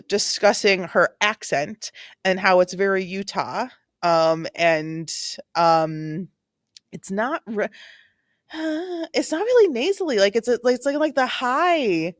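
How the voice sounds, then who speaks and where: A woman's voice: mid-range voice, expressive, unhurried, no room sound, studio quality. A woman hosting a true-crime livestream, giving casual, rambling commentary full of "like" as she reacts to a clip. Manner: chatty and rambling, heavy use of "like". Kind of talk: casual live commentary while watching a clip.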